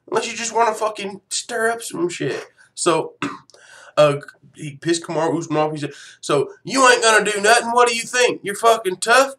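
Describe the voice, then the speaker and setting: A man hosting a fight news show, ranting casually with lots of swearing and laughter. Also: on the high side. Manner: profane, animated, laughs often. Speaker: MMA news show host. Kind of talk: casual commentary rant.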